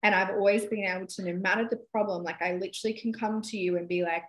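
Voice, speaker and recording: A woman's voice: mid-range voice, steady tone, quick pace, rough recording. A woman in her thirties hosting a podcast, talking candidly and emotionally in casual chat, swearing freely. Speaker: podcast host.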